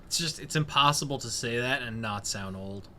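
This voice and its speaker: Bright-voiced joking sports podcast man. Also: medium pitch, moderate pace, slight background noise. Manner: jokey, brings up news items. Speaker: podcast co-host. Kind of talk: casual sports chat.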